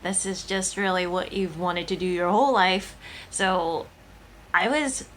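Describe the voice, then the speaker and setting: A woman's voice: lowish voice, a little slow, a bit bright, slight background noise. A woman talking casually to camera in a vlog, thinking aloud with lots of fillers and restarts. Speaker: cooking channel host.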